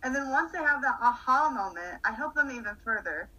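A woman's voice: sits high, lively intonation, a little fast, sharp tone, poor audio. A woman hosting a casual talk, speaking in a reflective, encouraging way. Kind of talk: casual conversation.

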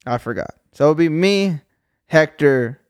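A man's voice: a little high, lively intonation, a little slow, smooth, dry recording, studio quality. A man hosting a podcast in casual chat, brash and joking, swearing freely. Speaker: podcast host.

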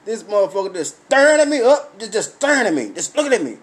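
A man telling a profane comic story as a rant, loud and repetitive, acting out his own confrontations. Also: sits high, sing-song, fast talker, few pauses.

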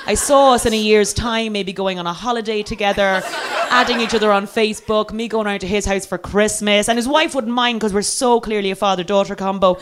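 A young Irish woman telling a comic personal story, lively and self-mocking, acting out the voices she quotes. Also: on the high side, fast talker, noisy background. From Ireland.

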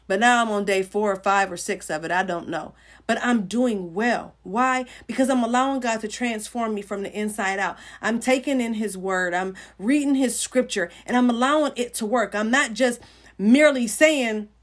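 A woman's voice: fairly high pitch, fairly bright tone. A middle-aged woman giving an informal sermon on a livestream, talking earnestly and conversationally to viewers and greeting them by name. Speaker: Christian livestream host.

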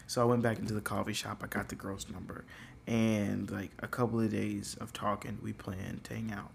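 A man's voice: on the low side, moderate pace, gravelly, a little hiss or hum. A young man telling a story in a casual, rambling way, full of fillers. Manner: rambling, filler-heavy, loose.

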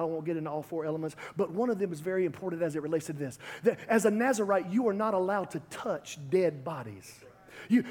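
Male preacher, high voice, rhythmic repeated phrases rising to emphatic peaks, long hall echo. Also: darkish tone. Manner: rhythmic repetition, builds to emphatic climaxes. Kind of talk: sermon.

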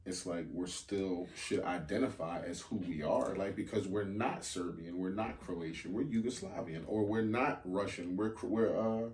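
A man's voice: low-pitched, moderate pace, hardly any pauses, a little mellow, echoey room, distant mic. A man co-hosting a podcast, talking in a loose, slangy, joking way in casual chat. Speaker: podcast co-host.

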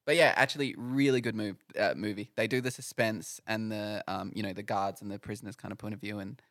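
A man's voice: on the low side, steady tone, fairly quick, a bit bright, no echo, studio quality. A man co-hosting a casual movie chat, rambling and laughing often. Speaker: podcast co-host.

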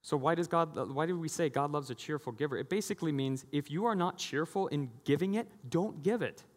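A man's voice: a little high, brisk. A middle-aged man preaching a sermon as pastor, conversational and jokey, acting out the voices he quotes. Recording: long hall reverb.

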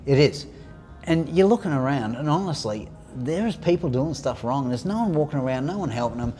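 A man's voice: mid-range voice, lively intonation, fairly quick, dark tone, soft background music. A man hosting a casual chat, often agreeing and restarting his sentences. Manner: chatty, frequent agreeing interjections, stammering restarts.

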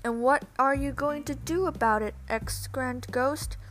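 A woman's voice: high-pitched, measured pace, a bit bright, voice pushed up. A woman reading a storybook, voicing a boastful, haughty evil female ghost witch. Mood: gloating. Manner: gloating, haughty.

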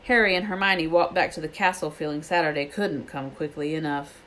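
A woman reading a children's book aloud in a steady storytelling way, with small slips. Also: low-pitched, fairly quick. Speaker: reader.

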